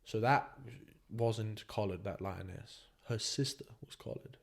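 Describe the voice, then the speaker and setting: A young man from Botswana with a fairly low voice tells a story as a podcast guest. He talks casually, with lots of energy and slang, and keeps calling people "bro.". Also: a little slow, creaky.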